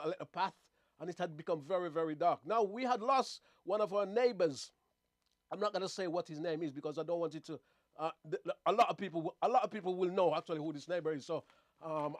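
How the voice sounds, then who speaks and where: A man's voice: high voice, no room sound. A man hosting a casual monologue show, rambling and repeating words as he talks to his viewers. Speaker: host.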